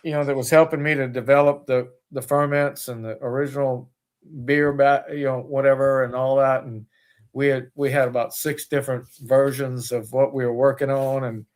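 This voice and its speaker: A man, the owner of a distillery, talking as a guest in a casual interview, rambling with many fillers and restarts. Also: mid-range voice.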